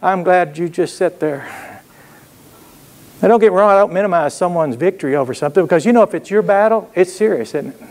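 A man preaching with a drawl, his voice sitting a little high for a man. He spins homespun stories and keeps checking in with the congregation. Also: darkish tone. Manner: folksy storytelling with call-and-response asides. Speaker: pastor. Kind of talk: sermon.

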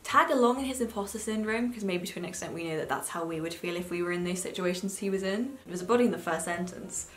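A woman's voice: on the low side, quick pace, hardly any pauses, a bit bright. A young woman in her twenties chatting casually as a book vlogger, swearing freely and filling her talk with "like". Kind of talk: casual chat. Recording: echoey room with faint music.

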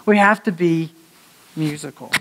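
A male pastor preaching a conversational sermon to his congregation, animated and joking, laughing at his own slips of the tongue. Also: on the high side, unhurried. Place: church sanctuary before a congregation.

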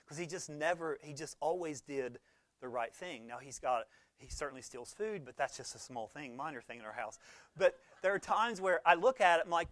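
A man, preaching a conversational sermon that swings between loud emphasis and quiet low talk. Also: expressive, fairly quick, dry recording. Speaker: pastor.

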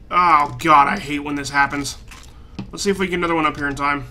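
A man giving gameplay commentary, swearing a lot and flaring into loud frustrated outbursts. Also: fairly high pitch, fairly even intonation, fast talker. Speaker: let's play gamer.

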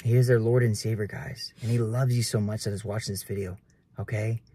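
A man's voice: fairly low pitch, fairly even intonation, fairly quick, mellow, slightly rough. A man in his twenties preaching earnestly to camera in casual talk, keeps calling viewers guys. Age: 20s. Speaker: realtor vlogger.

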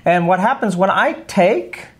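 Man, middle-aged, pastor, radio host, cheerful, energetic, preachy warmth of a morning devotional. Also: sits high, unhurried, husky. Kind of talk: upbeat devotional radio chat.

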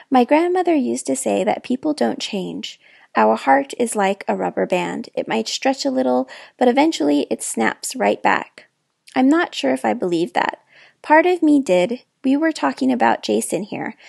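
A woman reading a children's novel aloud in expressive first person, with dramatic hushed moments, close to the mic. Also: on the high side, gravelly, dry recording. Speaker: storyteller. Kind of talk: children's book read-aloud.

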